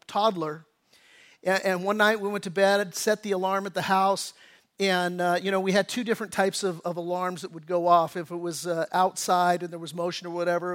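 A middle-aged man preaching a sermon in a high, light voice. As a pastor, he talks conversationally and tells stories, stumbling over and repeating words as he goes. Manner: conversational storytelling with lively acted-out quotes.

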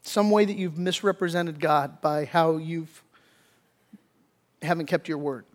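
A male pastor preaching a sermon emphatically, with frequent restarts, sometimes dropping to a hushed, soft voice. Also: fairly high pitch, measured pace. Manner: emphatic preaching with many restarts, voicing biblical figures in quotes; drops to a hushed, soft voice in tender moments.

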